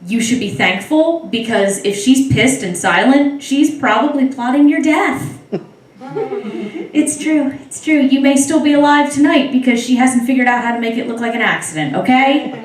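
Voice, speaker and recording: A woman's voice: sits high, normal speed, recorded from a distance. A young woman performing a stand-up comedy set, talking wryly and teasing the crowd. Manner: wry, conversational, crowd-teasing. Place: club stage with live audience. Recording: echoey room, mic heard from afar.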